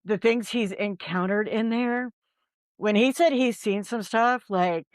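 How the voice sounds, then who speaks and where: A woman's voice: medium pitch, a little slow, no room sound, studio quality. A woman who investigates the paranormal, a podcast guest telling a story in a rambling, casual way with many ums and likes.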